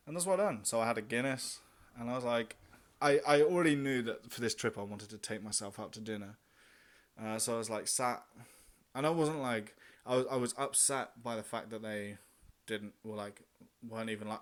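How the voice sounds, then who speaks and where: A man's voice: on the low side, fairly even intonation, a little fast. A young man vlogging about solo travel, telling a story in a casual, chatty way, swearing freely and acting out his own remarks.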